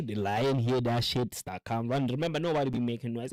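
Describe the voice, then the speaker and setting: Male host, loose profane monologue, lively swooping pitch, dry close sound. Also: brisk, hardly any pauses, no echo, poor audio. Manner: rambling, profane, philosophical; acts out quotes in animated voices. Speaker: show host. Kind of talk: casual monologue.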